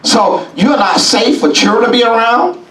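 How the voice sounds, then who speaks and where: A man preaching a sermon as bishop in a church, folksy and call-and-response, rising now and then into shouts. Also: very high voice, lively intonation, moderate pace, slight background noise. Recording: echoey church from a distance.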